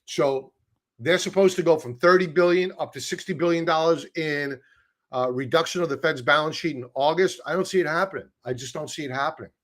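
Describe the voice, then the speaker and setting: With a higher, fairly bright voice and a brisk delivery, a man runs a live stock-chart stream. His casual commentary is chatty and sarcastic, full of side remarks.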